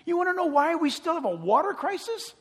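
A man preaching a sermon as pastor, animated and joking, acting out the voices of other people. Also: very high voice, fairly quick, in a large hall, slight background noise.

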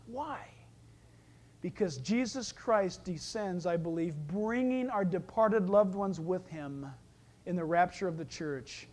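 A man preaching with a very high voice for a male speaker. He is animated and full of energy, and he breaks up the sermon with playful joking asides. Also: fairly quick. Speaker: pastor.

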